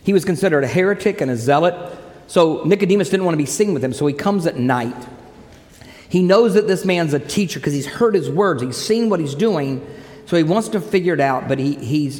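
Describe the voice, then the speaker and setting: A man delivers a sermon in a lively, storytelling manner, acting out quoted lines as he goes. His voice sits a bit high for a man. It rings with the long reverb of a big hall. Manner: animated storytelling, quotes scripture. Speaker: preacher.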